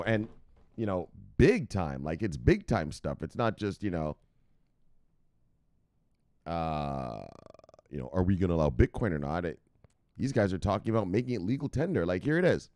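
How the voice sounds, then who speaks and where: A man's voice: sits low, very animated, normal speed, pauses often, darkish tone, dry recording, studio quality. A man hosting a crypto news channel in casual solo commentary. He is brash and profane, keeps chuckling to himself, and asks viewers to agree with him. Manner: talks straight to viewers, asking for agreement.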